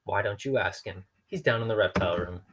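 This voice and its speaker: A man's voice: on the low side, brisk, a bit bright, breathy edge. A man reading aloud, voicing a sly, smug grown-man villain in a storybook. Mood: taunting. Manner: smug and mocking.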